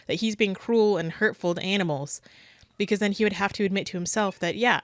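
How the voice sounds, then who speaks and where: A woman's voice: medium pitch, fairly bright tone, no echo, clean studio sound. A woman giving casual, earnest commentary on dog-training clips, speaking critically and often restarting her sentences.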